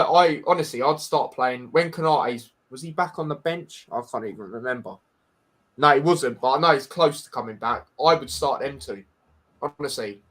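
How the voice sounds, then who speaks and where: A male podcast host from Liverpool, with a Scouse accent and a medium-pitched, slightly bright voice, leads a casual football chat. He comes across as frank and blunt, often restarting, repeating himself and calling people "mate."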